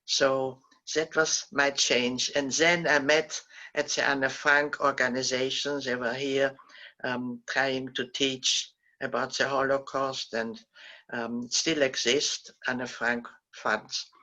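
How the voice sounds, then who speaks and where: An older woman, a Holocaust survivor, gently recounting her memories as a guest speaker, pausing and restarting often. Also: very deep voice, little pitch movement, rough recording. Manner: halting, gentle storytelling with frequent restarts. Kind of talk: recounting personal memories in a talk.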